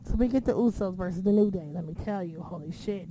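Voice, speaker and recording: A woman's voice: lowish voice, quick pace, background noise. A woman casually recapping a wrestling show, swearing freely and acting out her own reactions.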